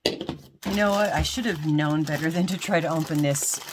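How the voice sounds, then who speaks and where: A low-pitched woman talks through a casual unboxing at home, rambling from one story to the next. She often restarts her sentences and pokes fun at herself. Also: a little fast, noisy background. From United States. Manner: rambling, chatty, self-deprecating with frequent restarts. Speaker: crochet vlogger.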